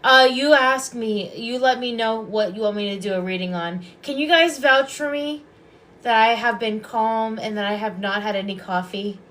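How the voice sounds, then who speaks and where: A woman's voice: a little high, moderate pace, a bit bright. A woman hosting a casual livestream as a Reiki and hypnosis practitioner, chatty, affectionate and rambling.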